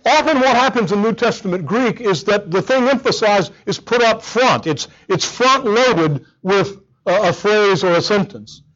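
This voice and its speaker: A man's voice: sits high, animated, unhurried, few pauses, a bit bright, highs cut off. A man preaching a sermon, earnest and emphatic, often repeating words as he drives a point home. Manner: earnest, emphatic, with frequent repetitions.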